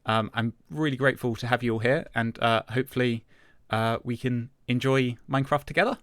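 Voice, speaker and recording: Relaxed male let's-play host, medium pitch, halting filler-heavy delivery, dry recording. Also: no echo. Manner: hesitant, lots of "uh" and "um" fillers; relaxed, self-talking as he plays. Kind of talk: casual gameplay commentary.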